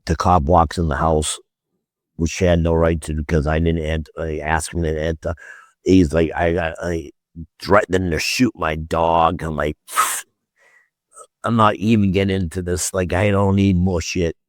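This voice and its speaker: A man's voice: deep voice, level tone, normal speed, dry recording, studio quality. A man, a podcast guest, telling a rambling story in casual talk, stammering and repeating himself, acting out the quoted dialogue and swearing often.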